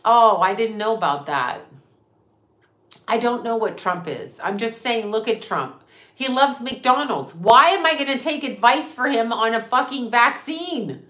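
A woman's voice: on the high side, expressive, unhurried, fairly bright tone. Emphatic, profane woman ranting in a roomy space. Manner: profane, emphatic, rhetorical questions. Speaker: psychic medium and channel host. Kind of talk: casual livestream rant. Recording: roomy echo.

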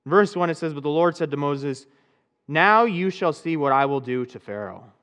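A man's voice: a little high, expressive, moderate pace, fairly bright tone, smooth. Man preaching a sermon in a reverberant room. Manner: conversational preaching with dry sarcasm. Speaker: pastor.

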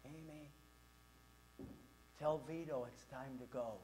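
A man voicing a middle-aged mother calling quietly from upstairs in a low, hushed tone. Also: takes it slowly, a little hiss or hum, poor audio.

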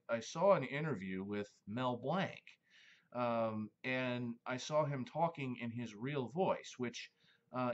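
A man's voice: mid-range voice, lo-fi sound. A man hosting a casual monologue, rambling and reminiscing with many fillers. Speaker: host.

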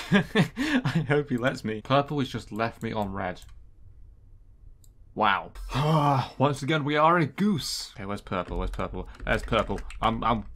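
A man giving jokey, excitable commentary while playing an online game, swinging from loud squeals to low mutters. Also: a little slow. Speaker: gaming YouTuber. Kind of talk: comedic gameplay commentary.

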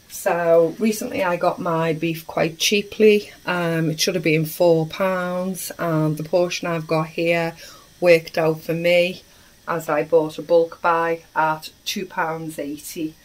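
A woman hosting a home cooking video, explaining a recipe in an unhurried way with plenty of ums, in her kitchen. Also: deep voice, flat delivery. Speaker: cooking channel host. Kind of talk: casual cooking demonstration. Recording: voice distant from the mic.

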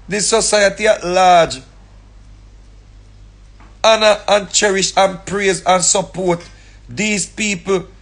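A man's voice: high-pitched, a bit bright. A man with a Jamaican accent, angrily ranting on a live stream, repeating himself and preaching. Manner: angry, repetitive, preachy. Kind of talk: ranting commentary.

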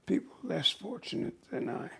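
An older American man, an actor, telling stories from his career in an interview with a slow, halting, husky delivery. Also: fairly bright tone. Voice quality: gravelly, husky. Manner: slow, halting, breathy at times. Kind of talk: reflective storytelling.

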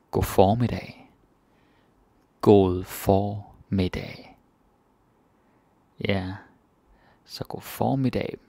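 Young danish guy teaching words, deep gravelly voice, dry close sound. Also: no echo. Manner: relaxed, repeats words slowly for learners. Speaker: language teacher. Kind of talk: casual language lesson.

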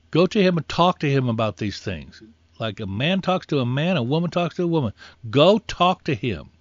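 A man preaching with earnest, repetitive urging, leading listeners through spoken prayers. The recording is dull and lo-fi, with a dry, close sound and no room echo. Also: medium pitch. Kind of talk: sermon.

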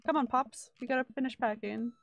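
A woman reading aloud as a sassy teenage daughter in a game who teases her dad with deadpan quips. The voice is fairly high and gravelly, over soft music. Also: brisk. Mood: teasing. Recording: quiet music under the voice.

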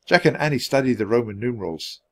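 A man narrating a children's book aloud with clear, steady narration for learners. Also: mid-range voice, fast talker. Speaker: storybook reader.

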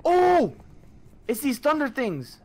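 Excitable young man gaming, noisy mic. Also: extremely high pitch, slow pace. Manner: excitable, laughing, swearing casually. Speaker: gamer. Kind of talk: casual gaming chat. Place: home room.

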